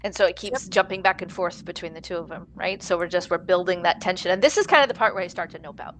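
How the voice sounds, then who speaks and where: A woman's voice: fairly low pitch, fast talker, fairly bright tone, poor audio. A woman co-hosting a podcast, chatting casually as she recaps a TV episode and acts out the characters' lines. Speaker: podcast co-host.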